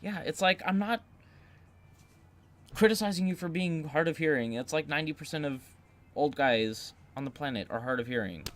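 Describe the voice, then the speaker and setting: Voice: medium pitch, lively intonation, moderate pace, a bit bright. A young adult who works at a movie theater, telling customer stories in an exasperated, casual way. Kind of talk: casual chat.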